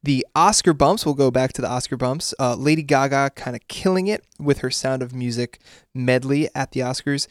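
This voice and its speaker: A man's voice: mid-range voice, smooth, no room sound. A man hosting a pop music podcast, chatting casually and laughing easily, recording in a studio. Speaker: podcast host. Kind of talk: casual chat. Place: studio in New York.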